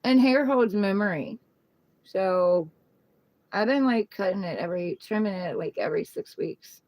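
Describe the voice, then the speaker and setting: A woman's voice: medium pitch, normal speed, no echo, low-quality recording. Middle-aged woman host, easygoing phone-livestream chatter, fond baby-talk with a pet, dry close sound. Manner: relaxed, chatty, coos affectionately to her pet. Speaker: tarot reader livestream host. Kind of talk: casual livestream chat.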